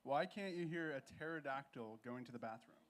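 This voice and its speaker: A man appearing as a guest on a church stage, telling his story in a relaxed, conversational way, correcting himself as he goes and joking along with the host. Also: mid-range voice, fairly quick.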